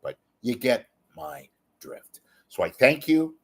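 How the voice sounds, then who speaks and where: Gravelly man rambling a pledge pitch. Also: very animated, takes it slowly. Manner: rambling, kvetching and self-mocking; reads viewer comments aloud. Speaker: show host. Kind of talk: casual monologue with a donation appeal.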